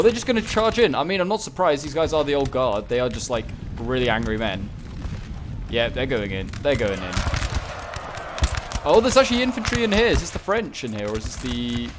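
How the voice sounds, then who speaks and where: A man giving chatty, excitable, rambling commentary on a game battle. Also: medium pitch. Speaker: gaming channel host. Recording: gunfire and battle sounds over voice. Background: game gunfire and battle noise.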